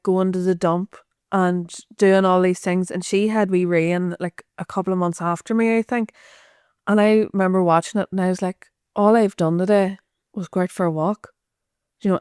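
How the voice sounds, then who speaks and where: Frank woman, smooth dry voice. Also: medium pitch, darkish tone, dry recording. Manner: frank and chatty, swears freely, laughs often. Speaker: podcast guest, social media creator. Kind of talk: candid casual chat.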